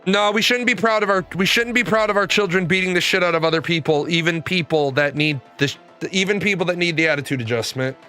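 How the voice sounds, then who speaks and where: A man in his forties, a streamer, telling stories in a profane, animated rant. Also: high-pitched, quick pace, few pauses, clear, resonant tone, faint music behind. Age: 40s. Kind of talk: ranting casual talk.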